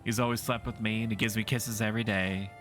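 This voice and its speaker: A man's voice: lowish voice, little pitch movement, fast, a bit bright, faint music behind, natural voice. A man voicing a sweet, cheerful young witch girl from a game who talks in a prim, old-fashioned way. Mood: doting.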